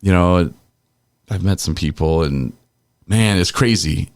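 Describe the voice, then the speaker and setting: A man's voice: sits low, unhurried, no echo. A middle-aged man hosting a casual podcast, telling loose rambling stories and chuckling as he goes, on a close podcast mic. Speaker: podcast host.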